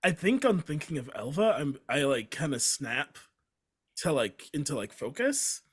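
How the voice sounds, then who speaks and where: A man's voice: a little high, sing-song, a little slow, slightly rough. A man playing a tabletop role-playing game, describing his character's actions hesitantly with many fillers. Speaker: player. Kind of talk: casual tabletop role-play.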